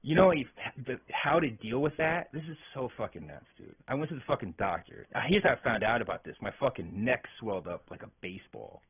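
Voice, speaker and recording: A man's voice: mid-range voice, animated, brisk, few pauses, slightly rough. A man on a podcast telling a rambling, profane story with lots of fillers and restarts. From Arkansas. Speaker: podcast guest, metal vocalist. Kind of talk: casual storytelling chat. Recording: tinny phone-like podcast audio.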